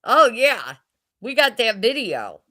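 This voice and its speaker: A woman in her sixties telling family stories casually, chatty and animated, often laughing as she goes. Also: fairly high pitch, takes it slowly. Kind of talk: casual storytelling.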